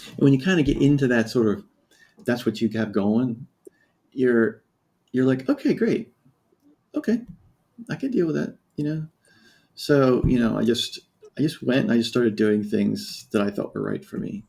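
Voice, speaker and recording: A man from the United States in his fifties, speaking as a podcast guest. His voice is gravelly and dark-toned. He tells his story candidly and reflectively, often breaking off and restarting his sentences. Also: medium pitch, normal speed. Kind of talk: personal storytelling in a podcast interview.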